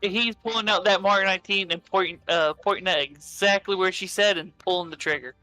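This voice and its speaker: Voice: medium pitch, fairly quick, bright, forceful tone, soft background music. A player in a tabletop game, declaring actions plainly and matter-of-factly. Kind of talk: casual tabletop game play.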